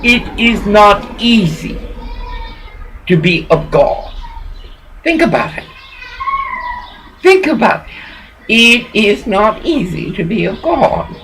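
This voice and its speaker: A woman's voice: medium pitch, very animated, takes it slowly, pauses often, fairly bright tone, slight background noise, rough recording. A woman recording a rambling personal monologue at home on her laptop, preachy and emotional, swinging between laughter and bitterness. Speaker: vlogger. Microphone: laptop webcam.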